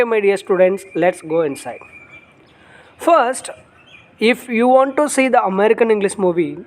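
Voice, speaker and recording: High-voiced Tamil-accented man teaching English. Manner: repetitive, addresses viewers as dear students. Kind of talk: online English lesson.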